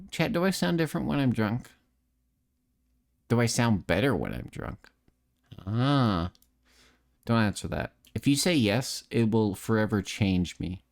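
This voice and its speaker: Lowish and darkish, with vocal fry, this man's voice belongs to a tipsy streamer and voice actor. Nasal and slightly lisping, he rambles in self-deprecating, casual live-stream chat on a close desk microphone.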